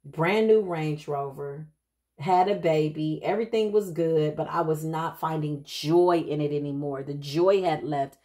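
A woman with a slightly low voice gives an informal spiritual reading to her audience. She tells stories in a lively, chatty way, with quick asides and restarts, and keeps calling her listeners child and honey. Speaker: intuitive spiritual reader. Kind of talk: casual spiritual reading monologue.

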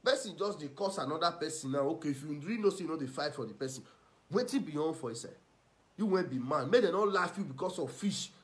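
Nigerian pidgin guy ranting gossip, mocking and scolding, kinda high voice. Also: lively intonation, quick pace. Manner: mocking, scolding, swings loud and soft. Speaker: online commentator.

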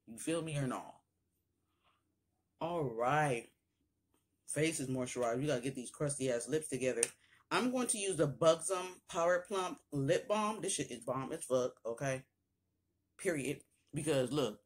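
Talking straight to the camera about her makeup haul, a young beauty vlogger keeps things casual with slang and swearing, her voice slightly rough. She occasionally breaks into abrupt, high exclamations.

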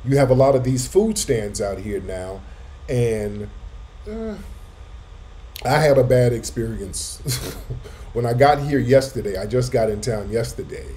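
A man hosting a casual live talk, telling a story with animated emphasis and street slang. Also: medium pitch, unhurried, long pauses, a little hiss or hum. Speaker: host. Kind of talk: casual livestream chat.

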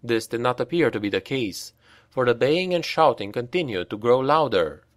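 A man narrating a dark fantasy audiobook in a grave, unhurried storytelling voice, on a close mic. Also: mid-range voice, animated, dry recording. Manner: unhurried, grave storytelling that lifts for shouted dialogue.

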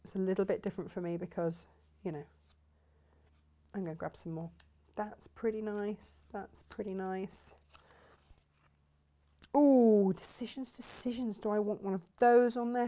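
A woman's voice: mid-range voice, mellow. A woman hosts a live sewing demonstration, chatting enthusiastically and thinking aloud as she works. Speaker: craft shop host demonstrating sewing.

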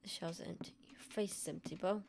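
A woman's voice: lowish voice, fairly even intonation, quick pace, gravelly, noisy background. Joking young woman gamer. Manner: joking, self-mocking. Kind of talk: let's play commentary.

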